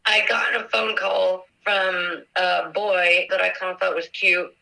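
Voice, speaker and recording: A young woman telling a personal story in an interview, emotional and halting with many fillers. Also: on the low side, little pitch movement, vocal fry, sharp tone, recorded from a distance, low-quality recording. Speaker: guest, victim's daughter.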